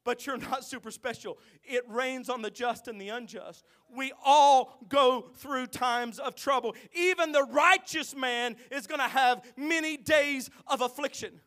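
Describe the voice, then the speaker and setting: A man preaching in a church, with a very high, bright, ringing voice. He tells folksy stories quietly, then breaks into loud, stretched-out shouts. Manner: swings from quiet storytelling to shouted, drawn-out exclamations. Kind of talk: sermon.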